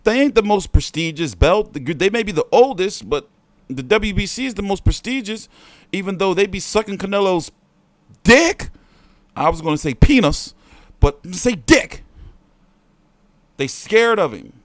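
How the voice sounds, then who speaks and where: A man with a high, wildly swinging voice rants about boxing on a livestream, loud and profane. The sound is dry and close, with no room around it. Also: no echo. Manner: profane, heated ranting with swings in pitch and volume. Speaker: boxing show host. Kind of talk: livestream rant.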